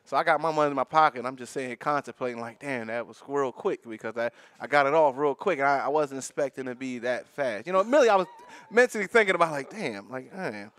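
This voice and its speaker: A man from North Philadelphia with a Philadelphia accent, co-hosting a podcast and telling stories in an animated way, laughing and full of slang. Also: mid-range voice, rapid-fire, hardly any pauses, no echo. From North Philadelphia, USA. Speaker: podcast co-host. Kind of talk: casual storytelling chat.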